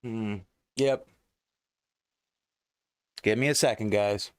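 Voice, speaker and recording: A man's voice: fairly low pitch, fairly even intonation, slow pace, clear, resonant tone, no room sound, clean studio sound. A man hosting his own morning livestream from a home computer, talking in a rambling, chatty way and often restarting his sentences. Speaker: livestream morning show host. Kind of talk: casual live stream chat. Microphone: desktop microphone at a computer.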